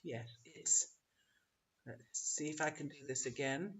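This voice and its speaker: A woman teacher trainer leading an online webinar, encouraging and modeling pronunciation slowly. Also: low voice. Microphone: video call. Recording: dull lo-fi webinar audio.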